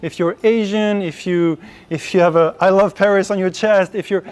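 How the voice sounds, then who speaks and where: A man's voice: high-pitched, steady tone, normal speed, a little mellow, smooth. A man hosting a casual chat, talking loosely with fillers and giving friendly warnings. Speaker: host.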